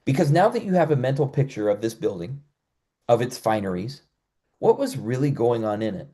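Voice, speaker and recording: A man's voice: mid-range voice, very animated, fairly quick, mellow. A man hosting a history podcast, telling local history in a conversational way with frequent "uh" fillers.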